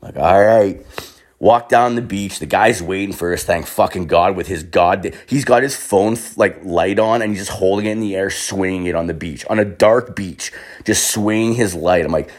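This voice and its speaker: Low-voiced, foul-mouthed Canadian storyteller. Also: male voice, moderate pace. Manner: profane and rambling, heavy filler words. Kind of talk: casual anecdote telling.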